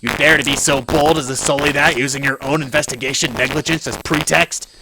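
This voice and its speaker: Man doing a gruff old mob-boss politician. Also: medium pitch, expressive, normal speed, background noise, close to an everyday voice. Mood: angry commanding. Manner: gruff, commanding, threatening.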